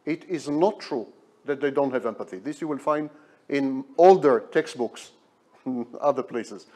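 A man's voice: mid-range voice, measured pace, darkish tone. A man lecturing at a hospital, emphatic and repeating key words for effect. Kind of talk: academic lecture.

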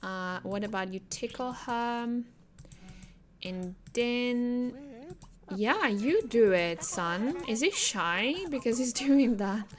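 A woman's voice: on the high side, lively intonation, slow, a little hiss or hum. A woman giving casual gameplay commentary, chatting to the characters on screen and laughing often.

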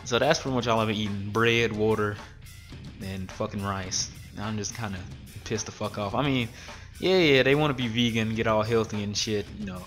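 A man's voice: lowish voice, normal speed, fairly bright tone, soft background music. A man in his twenties ranting with heavy swearing while commenting on his gameplay. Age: 20s. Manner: profane, exasperated ranting. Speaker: gaming streamer.

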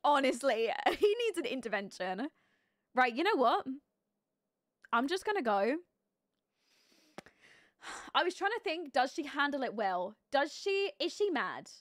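A woman streaming a life-sim game live, chatting casually and thinking aloud, with sudden excited outbursts. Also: high-pitched, a little slow, long pauses, no room sound, studio quality. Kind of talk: live gameplay commentary.

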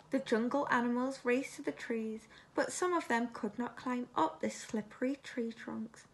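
A teacher reading a children's story aloud expressively, now and then turning to ask the children questions. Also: female voice, fairly high pitch, moderate pace, hardly any pauses, breathy edge.

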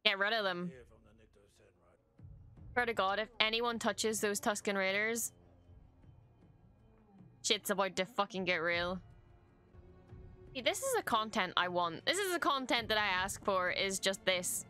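A woman's voice: mid-range voice, lively intonation, measured pace, long pauses, sharp tone, soft background music. A woman hosting a reaction video, talking through a show in casual, emotional commentary with frequent exclamations and swearing.

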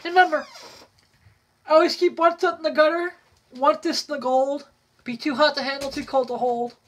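Earnest high-voiced man hosting a radio show. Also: fairly even intonation, moderate pace, fairly bright tone. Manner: earnest motivational sign-off. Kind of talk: casual podcast monologue.

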